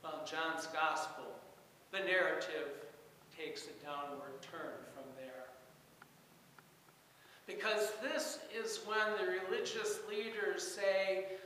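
A male pastor delivers a sermon in a high, sharp, forward voice, pacing every phrase slowly. He tells the story with measured weight and dramatic emphasis. The sound is roomy, with a long reverb tail and faint ambience behind it. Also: a little hiss or hum.

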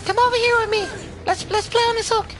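A man putting on a squeaky, taunting singsong voice for a gloating killer in a video game. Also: steady tone, fast talker.

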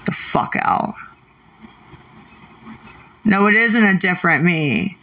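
A woman's voice: fairly low pitch, expressive, takes it slowly, long pauses, sharp tone, distant mic. A woman livestreaming late at night, irritated and swearing as she argues back at her chat.

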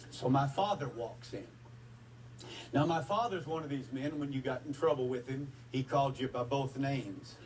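Earnest preacher telling a story. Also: male voice, medium pitch. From Texas. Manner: earnest, emotional storytelling with halting fillers. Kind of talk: sermon testimony. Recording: distant mic with faint background noise.

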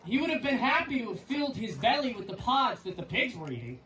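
A woman's voice: a little high, very animated, quick pace. Woman narrating from far off on an echoey stage. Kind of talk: theatrical storytelling in a musical. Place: outdoor quarry stage. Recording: echoey open-air stage from afar, music.

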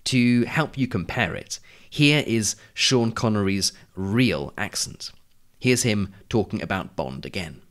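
Brief: male lesson host, slightly low voice, clear measured read. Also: animated, a bit bright. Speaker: podcast host. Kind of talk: scripted narrated lesson.

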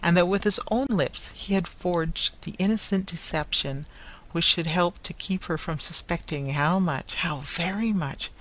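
A reader narrates a classic novel aloud at a measured pace, with an even storytelling delivery in a mid-range voice. The reading is plain and unhurried, made for learners following the text. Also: mid-range voice, low-quality recording. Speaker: audiobook narrator.

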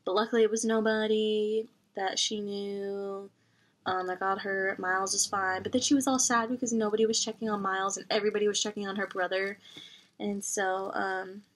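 A woman's voice: mid-range voice, normal speed. Chatty young woman reviewing a book. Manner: chatty and expressive, lots of "like" fillers. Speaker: book vlogger. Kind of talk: casual book review chat.

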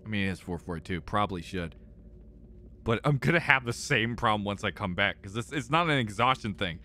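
A young man streaming a game and talking to his viewers, exasperated and swearing often, swinging from loud outbursts to low mutters. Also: lively intonation, brisk, slight background noise. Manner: exasperated, swears a lot, repeats himself when frustrated. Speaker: gaming streamer. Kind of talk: live gameplay commentary.

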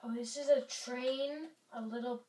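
Playing a video game, this young female YouTuber offers loose, playful commentary that occasionally sinks to a whisper. She speaks at a measured pace in a slightly high, steady, darkish voice, with a faraway mic, roomy sound and faint noise.

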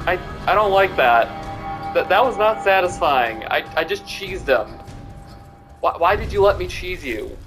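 A young man with a high, light voice talks through a video game, taunting his foes and tripping over his words as he repeats himself. Game music plays clearly behind him. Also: measured pace. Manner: mocking, excitable, stammering repeats. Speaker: gamer streamer. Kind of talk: casual gameplay commentary.

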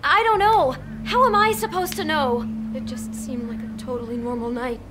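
An actress playing an anxious young woman who works a hotel front desk, pleading and quick to worry. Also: high voice, fairly even intonation, noisy background, close to an everyday voice. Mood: shaken. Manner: pleading, then exasperated. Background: game music.

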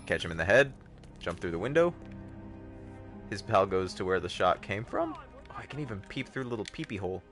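A man's voice: on the low side, a little fast, long pauses, soft background music. A young man hosting a livestream, giving casual, joking gameplay commentary, chatting with viewers and yelping when startled. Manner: animated, joking, talks to chat, yelps when startled. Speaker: livestream host.

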